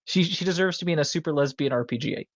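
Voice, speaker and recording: A podcast host in loose film talk, eager and rambling, leaning on fillers as the thoughts tumble out. The voice sits at a middling pitch. The recording is dull and lo-fi, with a dry, close sound. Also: quick pace, no echo. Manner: enthusiastic, rambling with many fillers. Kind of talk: casual film discussion.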